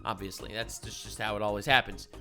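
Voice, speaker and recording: A young man reacting to a video, ranting loudly and swearing, with big swings between loud outbursts and mutters. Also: lowish voice, steady tone, fast, gravelly, soft background music. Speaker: reaction streamer. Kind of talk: casual reaction commentary.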